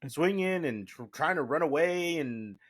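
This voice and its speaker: A man's voice: a little high, unhurried. A podcast co-host telling a story with energy, swearing a lot and acting out his own reactions. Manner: animated, profane, acts out his reactions. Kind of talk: casual storytelling.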